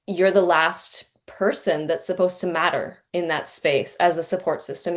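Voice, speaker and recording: A woman hosting a podcast, telling a personal story in an earnest, candid way, with many "like" fillers. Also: deep voice. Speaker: podcast host. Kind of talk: reflective conversational storytelling.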